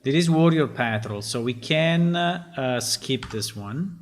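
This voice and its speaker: A man, a game developer, thinking aloud as he reads through code, halting and muttering puzzled asides to himself. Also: mid-range voice, animated, slight background noise.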